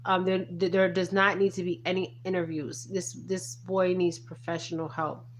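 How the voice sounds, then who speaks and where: A woman's voice: on the low side, flat delivery, moderate pace, a little hiss or hum. A woman giving earnest spiritual commentary in a casual vlog, stressing each point and tagging most lines with "okay?". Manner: repeats "okay?" constantly, earnest and emphatic. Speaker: spiritual reader.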